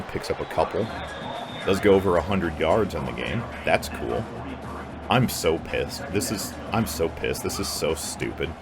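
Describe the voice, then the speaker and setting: A young man commentating his own video game match play-by-play, sarcastic and frustrated, often swearing. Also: low voice. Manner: frustrated, swears a lot, sarcastic, prone to angry outbursts. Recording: game music clearly heard behind voice.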